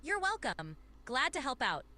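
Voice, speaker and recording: An artificial female voice plays an AI voice assistant, answering requests in a polite, upbeat, accommodating way with cheerful replies and drawn-out, shouted vowels. Her pitch sits high and swoops wildly, and she talks at a moderate pace.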